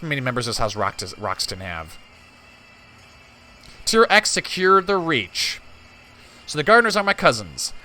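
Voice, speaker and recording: A man's voice: fairly high pitch, sharp tone. A man giving casual commentary on a strategy game, chatty, talking to his viewers and laughing easily. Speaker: gameplay host.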